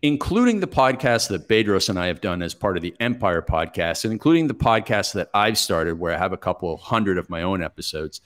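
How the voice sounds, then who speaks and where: A man in his forties speaks as a podcast guest, his voice sitting slightly low. He tells his stories in a plain-spoken, reflective and steady manner. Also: brisk, few pauses. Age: 40s. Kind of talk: conversational interview storytelling.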